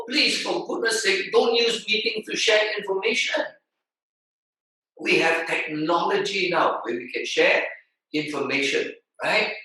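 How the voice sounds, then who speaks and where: Animated preaching man in echoey hall. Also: high-pitched. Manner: animated, exclaiming, rhetorical questions. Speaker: pastor. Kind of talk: sermon. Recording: echoey hall, far from mic.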